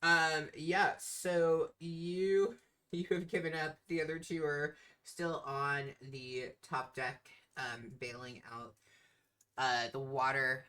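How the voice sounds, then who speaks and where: A game master narrating a tabletop game in an unhurried way, with many fillers. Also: mid-range voice, little pitch movement, sharp tone, clear, resonant tone.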